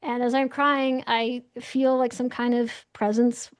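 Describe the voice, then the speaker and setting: A woman's voice: fairly high pitch, flat delivery, measured pace, clear, resonant tone, no room sound. A young woman telling stories casually as an interview guest, chatty with lots of "like" and frequent laughs. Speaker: interview guest, astral projector. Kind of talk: casual storytelling chat.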